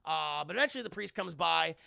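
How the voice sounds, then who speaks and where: Young male streamer, gravelly and bright, rambling profane recap, dry mic. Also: fairly high pitch, lively intonation, fairly quick, no echo. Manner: rambling, hesitant, swears often. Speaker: streamer reviewing a film with live chat. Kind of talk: casual profane movie recap.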